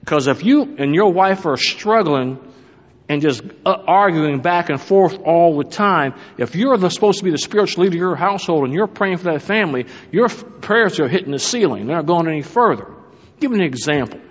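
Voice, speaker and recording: A middle-aged pastor preaches with a slightly raised, husky voice, and his sermon is full of storytelling and asides to the congregation. The sound is dull and lo-fi, with a long reverb from the church hall around him. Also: a little high, animated, fairly quick. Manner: storytelling with humor, talks to the congregation. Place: church sanctuary.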